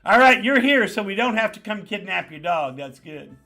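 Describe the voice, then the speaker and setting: A man's voice: high-pitched, lively intonation, moderate pace, pushed and bright. A man with a New York accent hosting a casual live chat, greeting viewers by name and repeating points for emphasis. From the Bronx. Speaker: livestream host.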